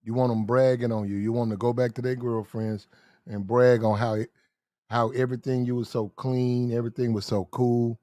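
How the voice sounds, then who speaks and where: A man giving blunt, slang-heavy dating advice in casual talk, drawing out his words slowly when he lists details. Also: medium pitch, flat delivery, warm tone, no room sound, clean studio sound.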